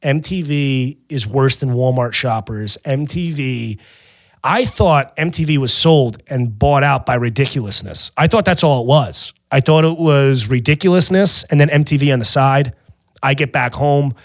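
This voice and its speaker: A man hosting a podcast, telling a story in a casual, animated, swearing and self-mocking way. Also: mid-range voice, normal speed, no echo. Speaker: podcast host.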